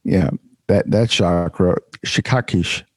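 A man with a very deep voice talks casually on a podcast, rambling and stopping to restart his sentences. The recording is dry and close. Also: unhurried, dry recording. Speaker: podcast co-host. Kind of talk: casual chat.

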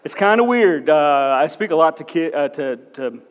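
A police officer in his forties, speaking as a guest at a church, gives a funny talk full of personal stories, blunt and no-nonsense and quick to poke fun at himself. His voice sits fairly high and sounds animated, moving at a normal speed. The large church hall where he stands makes the recording echoey, with a long reverb trailing each word.

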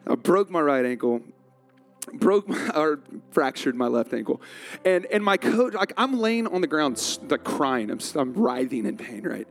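A man's voice: on the high side, animated, normal speed, soft background music. A male pastor preaching a sermon, telling a self-mocking story with frequent laughter.

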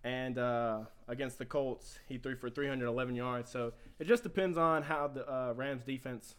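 A man's voice: mid-range voice, steady tone, moderate pace, smooth. A man on a casual sports podcast, listing statistics with many "uh"s and fillers. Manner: rattles off stats with fillers. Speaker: podcast co-host.

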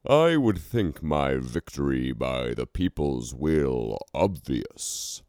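A man voicing a boastful giant stone-scaled male ruler, slow and drawling, in a storybook reading. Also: rumbling low, big pitch swings, a little mellow, no echo, clean studio sound, full character voice.

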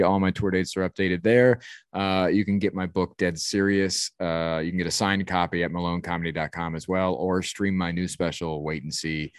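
A male comedian talking as a podcast guest, his voice sitting a bit low. He speaks in a relaxed, plain way. The recording is dry and close. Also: clean tone, no echo. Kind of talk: casual chat.

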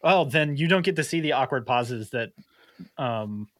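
Male host from Canada, mid-pitched, dry close sound, jokey and self-mocking. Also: animated, moderate pace, fairly bright tone, no echo. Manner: playful, self-deprecating, laughs often. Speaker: podcast host. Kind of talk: casual podcast chat.

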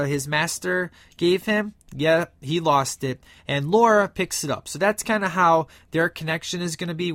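A man's voice: fairly high pitch, a bit bright, no room sound. A man giving an enthusiastic, rambling recap of a movie, with lots of filler words. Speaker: film reviewer.

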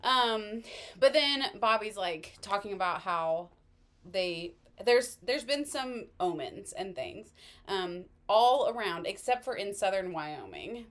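A woman's voice: medium pitch, lively intonation, slow, a bit bright. A woman co-hosting a podcast, casually recapping an episode and acting out the characters' lines with frequent laughs. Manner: retells scenes, voicing characters' lines with laughs. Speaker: podcast co-host. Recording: household noise in background.

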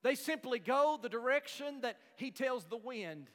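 High, bright-voiced preaching man. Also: lively intonation, unhurried, long reverb tail. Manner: impassioned preaching, repeats lines for emphasis. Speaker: pastor. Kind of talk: sermon. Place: church sanctuary.

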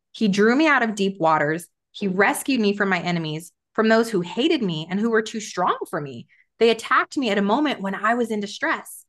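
A woman guest on a podcast, teaching in an earnest, emphatic way, slowing down and stressing her words when she reads scripture. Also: medium pitch, fairly bright tone. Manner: earnest, emphatic, says "right?" often. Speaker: podcast guest, Christian coach.

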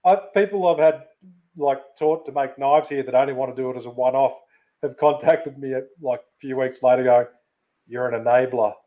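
A man's voice: medium pitch, steady tone, brisk. A man co-hosting a casual livestream who teases, swears and laughs often. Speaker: co-host, knife-making gear supplier. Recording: dull lo-fi sound.

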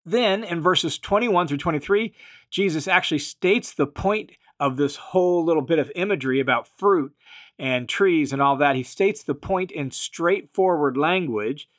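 A man with a voice pitched a little above the usual teaches scripture verse by verse. He explains each point patiently, then restates it in plainer words. He presses emphatically on the phrases that matter most. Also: moderate pace, a bit bright. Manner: emphatic, leans on key phrases. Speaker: Bible teacher.

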